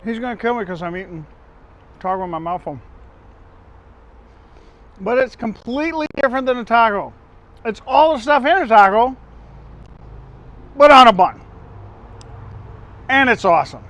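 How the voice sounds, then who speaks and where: A man's voice: very high-pitched, expressive, normal speed, long pauses, a bit bright. A man hosting a casual home cooking video, chatting to viewers in a rambling, self-correcting way. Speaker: home cook and channel host.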